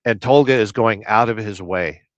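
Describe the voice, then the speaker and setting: A man from Southern California hosting a casual trucking livestream. He reads viewer comments aloud and rambles through deadpan, absurd jokes. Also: fairly low pitch, normal speed, no echo. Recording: dry, slightly dull lo-fi sound.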